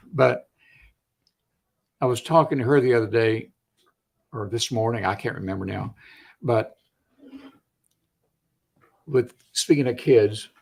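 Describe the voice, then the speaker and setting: A man's voice: mid-range voice, slow pace, vocal fry, long pauses, darkish tone, slightly rough. A man in his eighties, a Navy veteran guest, chatting reflectively. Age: 80s. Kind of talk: casual conversation.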